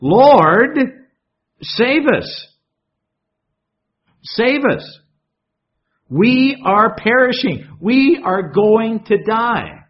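A man's voice: very high voice, sing-song, extremely slow, pauses often, voice pushed up, exaggerated voice. A man voicing panicked disciples in a storm-tossed boat, pleading and scolding frantically. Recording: dull lo-fi sound.

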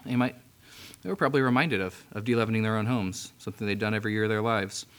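A man's voice: fairly low pitch, fast, fairly bright tone. Man preaching a conversational Bible sermon. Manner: conversational, with restarts and frequent throat-clearing. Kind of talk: sermon, reading and explaining scripture.

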